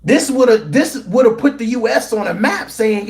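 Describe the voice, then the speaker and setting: A man talks straight to his live chat in a high voice. His tone is animated and incredulous. He restarts and repeats phrases as his opinions pile up. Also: moderate pace. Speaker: commentary vlogger.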